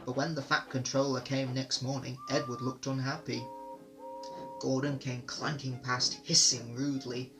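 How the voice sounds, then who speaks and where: A man reading a children's storybook aloud as narrator, with a lively, expressive delivery. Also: medium pitch, moderate pace, music in the background, poor audio.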